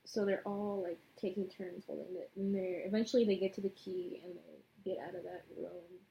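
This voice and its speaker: A woman's voice: lowish voice, little pitch movement, moderate pace, gravelly, lo-fi sound. A young woman vlogger chatting casually as she retells a movie plot and does her makeup, rambling with lots of fillers. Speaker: beauty vlogger.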